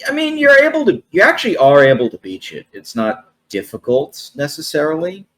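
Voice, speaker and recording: A man's voice: a little high, big pitch swings, a little fast, a bit bright. Hesitant man running a tabletop game. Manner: hesitant, full of fillers. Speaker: game master.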